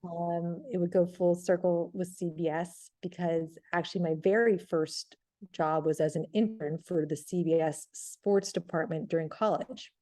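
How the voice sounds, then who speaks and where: A woman in her thirties, a TV reporter telling her career story in a casual interview, rambling with lots of "like" and lively retellings. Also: lowish voice, moderate pace. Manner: rambling, heavy use of "like", animated retelling. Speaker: TV sports reporter, guest.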